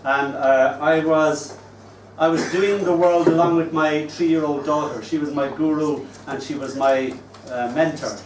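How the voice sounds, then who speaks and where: A man in his sixties hosting an open mic and reading his poems with wistful, gentle humour. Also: on the high side, fairly even intonation, measured pace, background noise. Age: 60s. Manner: wistful, gently humorous storytelling. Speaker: poet and open mic host. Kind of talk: live poetry reading. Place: live open mic venue. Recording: roomy room, distant mic, faint ambience.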